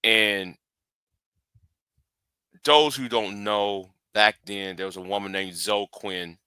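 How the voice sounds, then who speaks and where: A tired man chats casually on his live stream, drawling slowly with lots of ums and false starts. His voice is bright and smooth, a little low, and the sound is dry and close. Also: steady tone, no echo. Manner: rambling, halting, many fillers and restarts. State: tired, yawning after work.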